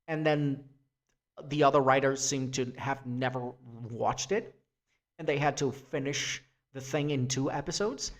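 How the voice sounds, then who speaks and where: A man giving a free-form spoken essay, rambling with restarts and casual swearing. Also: medium pitch. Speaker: essay vlogger.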